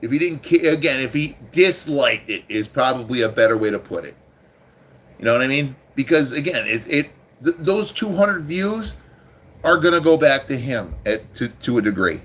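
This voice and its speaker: A man's voice: medium pitch, very animated, moderate pace, a bit bright, breathy edge. A man hosting a casual livestream, rambling with many restarts and swearing freely as he talks to his chat. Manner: rambling, profane, irritated with chat. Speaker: livestream host.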